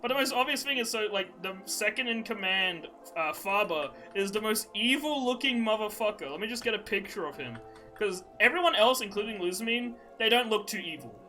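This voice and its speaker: A man's voice: high-pitched, animated, a little fast, bright, forceful tone, soft background music, poor audio. A young man hosting a podcast, rambling through a profane, laughing story in casual chat. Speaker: podcast host.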